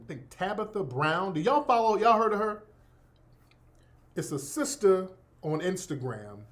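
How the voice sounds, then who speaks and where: A man hosting a talk radio show, riffing in a casual, profane monologue and repeating himself insistently. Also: fairly high pitch.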